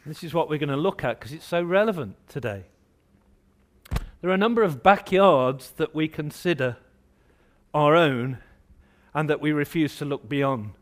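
A man from England preaching a sermon, rising to loud, emphatic outbursts as he voices objections. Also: fairly high pitch.

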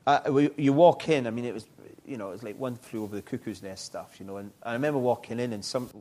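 A middle-aged man, telling his life story in an interview, halting and reflective with frequent restarts. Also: medium pitch, warm tone. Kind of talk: personal testimony in an interview.

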